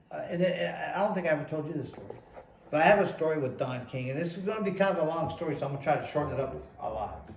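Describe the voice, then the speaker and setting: A man hosting a show and telling a long story in an animated, casual way, often repeating "he goes". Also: a little high, a little hiss or hum. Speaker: host, former boxer. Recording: roomy echo, distant mic.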